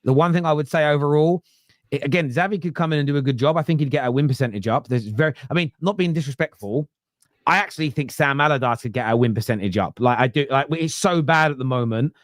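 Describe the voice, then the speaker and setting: A man hosting a casual football fan podcast, talking in an animated way and often tripping over his words. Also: on the high side, fast talker, no room sound, studio quality. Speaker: podcast host.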